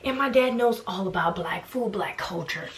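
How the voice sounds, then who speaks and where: A woman's voice: medium pitch, lively intonation, moderate pace. A young woman telling a casual storytime vlog with sarcastic asides, acting out the people she quotes. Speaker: vlogger.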